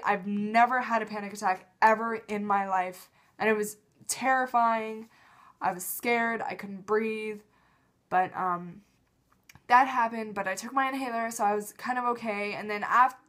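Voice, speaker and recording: A woman's voice: mid-range voice, a bit bright. A woman talking in a rambling, emotional, self-critical way in a casual confessional vlog. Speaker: vlogger.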